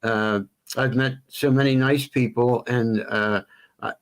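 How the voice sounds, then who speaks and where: An older man, a longtime stadium announcer, talking in a measured way as a guest on a sports talk show, stretching names into melodic calls. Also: mid-range voice, fairly even intonation, clean tone. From Philadelphia area.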